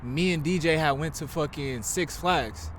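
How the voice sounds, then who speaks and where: A man's voice: fairly high pitch, unhurried, a bit bright, slight background noise. A young man co-hosting a casual podcast chat, slangy and laid-back, often laughing. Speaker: podcast co-host.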